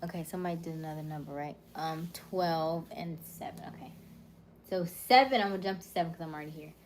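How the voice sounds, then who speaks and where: Hosting a casual livestream, a woman reads viewers' comments and rattles off personality traits in short, upbeat lists. She has a deep, darkish voice and talks fast, with a little hiss or hum on the audio.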